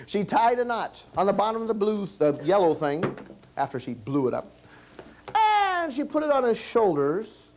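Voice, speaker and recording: A man's voice: sits high, normal speed, a little hiss or hum. A man performing as a children's entertainer, telling a comic story on stage and firing questions at the kids. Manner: animated, quizzes the kids.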